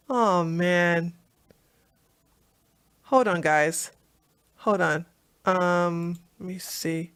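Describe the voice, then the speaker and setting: A woman's voice: on the low side, steady tone, very slow, pauses often, fairly bright tone, clean tone, no room sound. A woman ranting on a casual political live stream, blunt, profane and mocking, who often repeats herself. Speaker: political commentator on a debate stream.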